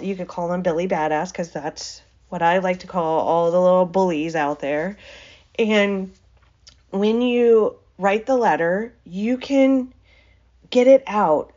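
A woman's voice: medium pitch, warm tone, lo-fi sound. A woman hosting a motivational podcast in a chatty way. She laughs often and keeps asking "right?". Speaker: podcast host.

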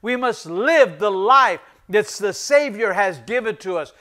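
Middle-aged preacher guy, real high voice, keeps hammering the same lines over and over. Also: animated, a little slow. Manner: emphatic, repeats key phrases for emphasis; addresses the congregation as ladies and gentlemen. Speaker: pastor. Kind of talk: sermon.

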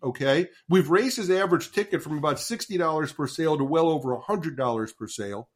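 A man in his sixties, a marketing consultant telling a story as a podcast guest, animated, often stumbling and repeating words, swearing casually. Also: fairly high pitch, fairly quick.

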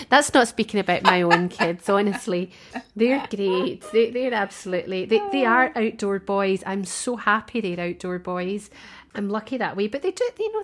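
A woman co-hosting a podcast in casual chat, talkative, laughing often and restarting her sentences. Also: mid-range voice. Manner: chatty, warm-hearted, laughs often, many restarts. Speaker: podcast co-host. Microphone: remote call.

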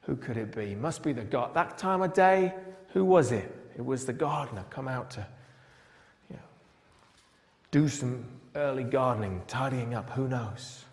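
A male pastor preaches a sermon in a large church, dramatically retelling a Bible story and posing many rhetorical questions. His mid-range voice has lively intonation and a moderate pace. Long church reverb fills the recording.

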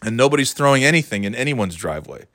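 A man's voice: medium pitch, big pitch swings, fast talker, fairly bright tone, dry recording. A man spins a loose, rambling yarn, backtracking mid-sentence and breaking into laughter along the way. His voice sits in an ordinary middle register. The recording is dry and close, with no room sound. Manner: rambling, self-interrupting, laughs often. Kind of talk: casual storytelling monologue.

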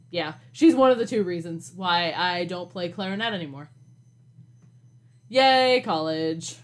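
A young woman co-hosting a podcast, casually telling a college story in an animated, exasperated way, with swearing and laughter. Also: fairly low pitch. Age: young adult. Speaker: podcast co-host.

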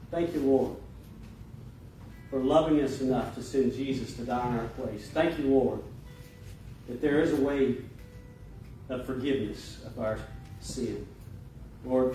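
A man, a pastor, preaching a sermon and leading a prayer, emphatic when preaching and quieter and slower in prayer. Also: medium pitch. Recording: echoey hall, distant mic, noisy.

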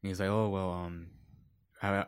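A man's voice: sits low, flat delivery, normal speed, clean tone. A man telling long work stories in casual chat, rambling with many fillers and acting out quoted voices. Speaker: podcast guest.

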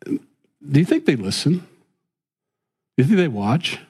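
Middle-aged guy, kinda high voice, rambling folksy chat that turns preachy. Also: wildly swooping pitch, unhurried, darkish tone, breathy edge. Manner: rambling, many restarts, folksy and earnest. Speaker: father and faith-based talk host. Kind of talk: casual rambling talk with preaching.

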